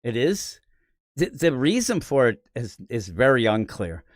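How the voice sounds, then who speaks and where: A man from the Philadelphia area hosts a comics podcast, rambling through an opinionated preview of the week's comics with animated asides. His voice sits in the mid-range and moves at a measured pace, with no room sound. It's casual comic book preview commentary.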